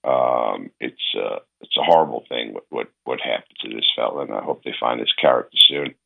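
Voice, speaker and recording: Hoarse, deep talk radio host. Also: male voice. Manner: rambling, halting, full of uh and restarts. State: hoarse, voice recovering from illness. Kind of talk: casual talk radio monologue. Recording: phone-like narrow band.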